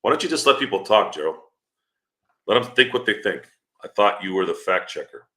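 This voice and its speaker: Deep-voiced, bright rambling male host. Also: lively intonation, a little fast. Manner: rambling, teasing, joking with chat. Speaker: podcast host. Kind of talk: casual live-stream chat.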